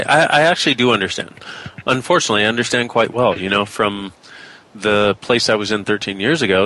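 A middle-aged man co-hosting a casual talk show, speaking animatedly and jumping up in pitch when he gets excited. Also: rough recording. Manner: animated, rising excitedly on exclamations. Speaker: co-host. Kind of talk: casual conversational chat.

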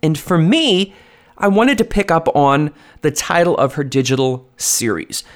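Animated male podcast host. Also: a little high, a little slow. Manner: lively, animated storytelling. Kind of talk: podcast countdown narration and interview.

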